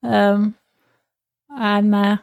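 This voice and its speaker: A woman co-hosting a podcast in a casual chat, talking openly and emotionally with frequent restarts and pauses to search for words. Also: medium pitch, flat delivery, creaky, darkish tone, smooth. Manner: open and emotional. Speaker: podcast co-host.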